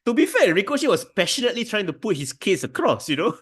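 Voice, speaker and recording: A man's voice: sits high, sing-song, fast, husky. A man, co-hosting a casual wrestling podcast chat with easygoing, chuckling asides. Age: 30s. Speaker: podcast co-host.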